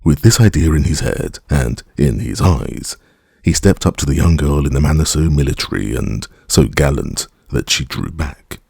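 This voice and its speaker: A man narrates a classic novel in a very deep, gravelly voice. His reading is measured and expressive, with a dark, husky tone. The recording is dry and close, with no room sound. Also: dry recording. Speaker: audiobook narrator. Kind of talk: scripted audiobook narration.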